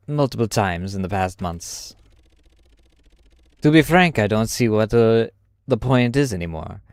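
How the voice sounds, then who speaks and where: A weary young French soldier in a war game, reading his letter home to his mother, as a gaming streamer puts him on. The voice sits fairly low and dry, with only a faint hint of a French lilt. It stays earnest and tired throughout. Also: no room sound, lightly acted. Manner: reads a letter aloud with a faint put-on French inflection.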